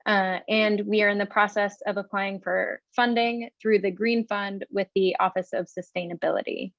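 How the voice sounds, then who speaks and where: A woman's voice: mid-range voice, fairly even intonation, normal speed, no echo, dull audio. A young woman student officer reading announcements and introducing a guest over a video call, with a few hesitant ums. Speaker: student group officer, moderator.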